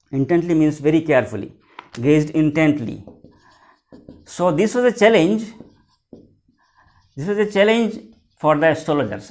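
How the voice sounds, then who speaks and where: A man's voice: fairly high pitch, a little mellow. A male teacher reading a story aloud and explaining it line by line in simple words. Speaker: English teacher. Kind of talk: textbook lesson explanation.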